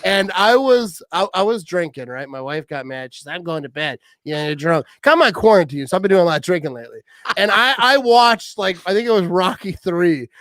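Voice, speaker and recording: A man in his forties chats about football on a podcast, rambling and repeating himself between bursts of laughter. His voice is high and lively, recorded dry and close. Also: brisk, no echo. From Wisconsin, USA. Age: 40s. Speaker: podcast host. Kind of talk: casual sports chat.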